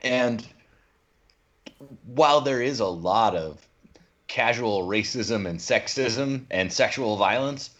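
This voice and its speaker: A man's voice: mid-range voice, animated, takes it slowly, long pauses, a bit bright. A man co-hosting a movie podcast, teasing and exasperated in casual chat. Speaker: podcast co-host. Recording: dull lo-fi sound.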